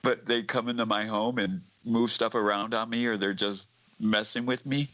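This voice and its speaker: Casting: male guest, lowish bright voice, halting storyteller. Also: steady tone, lo-fi sound. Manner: halting, with restarts and fillers. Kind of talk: casual chat, telling a spooky story.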